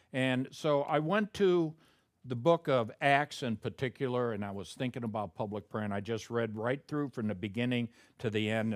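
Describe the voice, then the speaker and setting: Male pastor, conversational sermon, emphatic peaks, dry close sound, mid pitch. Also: no room sound. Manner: conversational preaching, rising to loud emphatic peaks.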